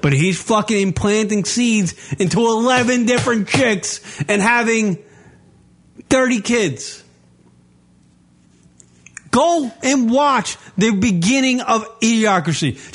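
A male radio show host ranting in a loud, profane way and repeating himself as he goes. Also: very high voice, animated, slow pace. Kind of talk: brash profane radio rant.

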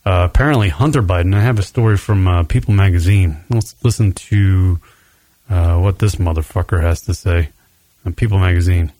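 A man's voice: low voice, a little fast, warm tone, dry recording. A young American man hosting a radio show, ranting crudely and bluntly and drawing out words for emphasis. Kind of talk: profane ranting commentary.

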